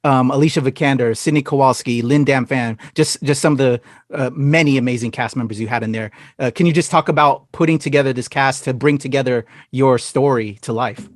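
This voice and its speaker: A man's voice: medium pitch, fairly quick, no echo, studio quality. A man from Mississippi hosting an interview, talking in a hyped, slangy way and calling his guest "bro". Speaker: interview host. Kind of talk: casual enthusiastic interview.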